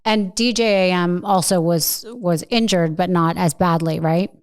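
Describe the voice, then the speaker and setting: Smooth-voiced woman podcast host. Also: lowish voice, fairly even intonation, a little slow, darkish tone. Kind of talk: interview questions.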